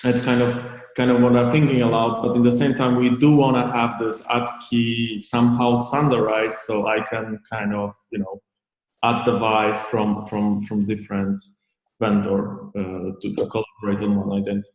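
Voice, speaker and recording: A man's voice: on the low side, little pitch movement, normal speed. A man on a video call raising a technical question, hesitant, with many "uh"s and restarts. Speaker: developer on a community call. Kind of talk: technical discussion. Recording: echoey room on a video call.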